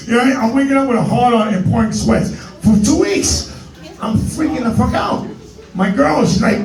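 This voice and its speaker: A man in his forties with a New York Bronx accent, telling a profane, excitable stand-up story that keeps jumping into high yelps. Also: a little fast, reverberant, recorded from a distance, music in the background, low-quality recording. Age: 40s. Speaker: stand-up comedian.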